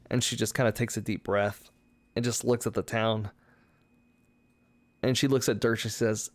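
A man's voice: fairly low pitch, steady tone, moderate pace, pauses often, dry recording. A man narrating as a tabletop game master, rambling with many likes and ums.

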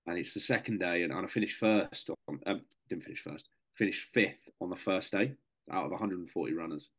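Young bloke, really low voice, chatty and sweary, telling a story on a podcast. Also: male voice, a little fast, a bit bright. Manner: swears freely, chatty and matey. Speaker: podcast guest, serving soldier. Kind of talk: casual storytelling.

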